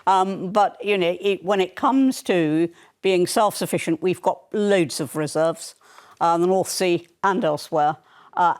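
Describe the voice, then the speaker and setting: An older woman, a studio panel guest who speaks bluntly and emphatically, dismissing views she disagrees with. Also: on the low side.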